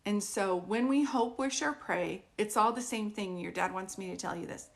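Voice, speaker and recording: A woman speaks as a psychic medium in a live online group reading. She talks in a loose, conversational way, full of "like" and quick asides. She keeps pausing to ask whether what she says makes sense. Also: mid-range voice, creaky. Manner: chatty, keeps checking "does this make sense".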